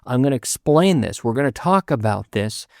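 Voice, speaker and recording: A man hosting an English lesson podcast for Spanish speakers, switching between English and Spanish and repeating sentences slowly for learners. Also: mid-range voice, lively intonation, creaky, darkish tone, dry recording, clean studio sound. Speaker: English teacher and podcast host. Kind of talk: bilingual language lesson.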